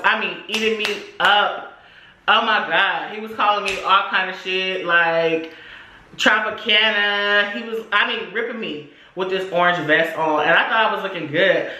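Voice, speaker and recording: A young adult woman vlogger telling a story casually, in animated, slangy, profane speech. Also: mid-range voice. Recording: echoey room.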